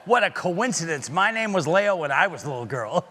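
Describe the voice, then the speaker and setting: A man doing comic magic-show patter for children, playful and teasing, calling loudly out to a live audience. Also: fairly high pitch, big pitch swings, brisk. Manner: playful, teasing, loud, calls out to the crowd. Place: synagogue sanctuary in front of a live audience.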